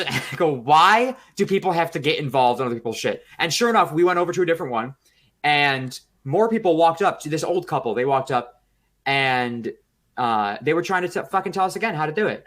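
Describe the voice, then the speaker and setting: A man co-hosting a podcast, telling a story in a casual, profane, animated way with acted-out quotes. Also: a little high, fast talker. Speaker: podcast co-host.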